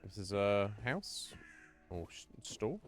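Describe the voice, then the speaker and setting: A man's voice: on the low side, big pitch swings, slow, background noise. A man streaming a game, chatting loosely, swearing and laughing at what happens. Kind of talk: live gaming commentary.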